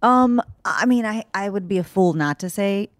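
A woman's voice: mid-range voice, expressive, normal speed, no echo, clean studio sound. A woman, an actress and director, chatting animatedly in an interview and laughing often. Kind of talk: casual interview chat.

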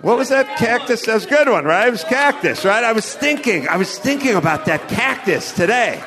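A man's voice: high-pitched, very animated, a little fast, crowd noise, background noise. A middle-aged man telling crude, rambling comedy stories, laughing at his own jokes. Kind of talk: loose stand-up storytelling.

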